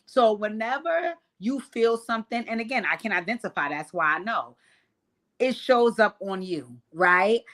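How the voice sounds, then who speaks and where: A young adult woman hosting a casual commentary vlog, recapping reality TV. She talks in a sassy, blunt, profane way, with big jumps in pitch and volume. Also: animated, moderate pace, fairly bright tone.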